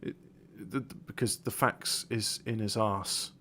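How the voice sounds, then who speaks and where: A man's voice: on the low side, fairly even intonation, a little slow, sharp tone. A man, co-hosting a podcast, rambling and restarting as he tells jokes. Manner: rambling, restarting joke-teller. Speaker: podcast co-host. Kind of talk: casual banter.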